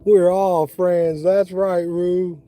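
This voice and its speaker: A man's voice: sits high, flat delivery, takes it slowly, mellow. A middle-aged man chatting casually on a fishing livestream, talking to viewers by name, outdoors on a boat on the water. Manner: laid-back, talks to viewers by name. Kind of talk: casual live-stream chat.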